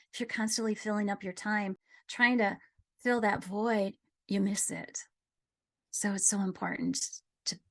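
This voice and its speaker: A middle-aged woman gently telling a personal story in a reflective conversation, dropping at times to a near whisper. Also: medium pitch, steady tone, a little slow. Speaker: guest sharing a personal story.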